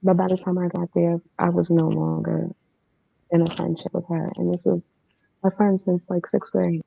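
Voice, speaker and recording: Gravelly low-voiced woman telling her story. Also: level tone, normal speed, dark tone, a little hiss or hum. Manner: candid, matter-of-fact recounting with casual fillers. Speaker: podcast guest. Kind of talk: personal storytelling. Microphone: remote streaming setup. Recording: dull lo-fi online stream.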